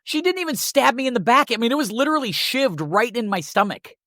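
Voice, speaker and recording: A man hosting a podcast, chatting casually and telling stories with lively swearing. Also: extremely high pitch, fast talker, no room sound, clean studio sound. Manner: animated storytelling with profanity. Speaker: podcast host. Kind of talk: casual chat.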